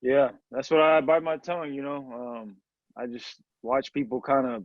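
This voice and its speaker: A man calling in for coaching, talking in a hesitant, halting way. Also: medium pitch, dry recording, lo-fi sound. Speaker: caller.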